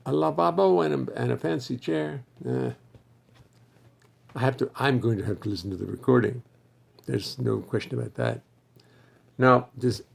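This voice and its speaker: A hoarse man hosting a casual livestream for fans, chatting loosely, thinking aloud and greeting viewers by name. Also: medium pitch. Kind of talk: rambling casual livestream chat.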